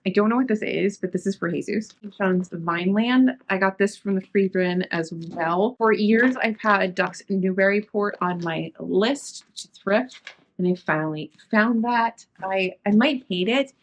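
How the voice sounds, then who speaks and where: A woman's voice: medium pitch, measured pace, dull audio, slight background noise. A young woman vlogger chatting casually through her book haul, rambling and trailing off with fillers.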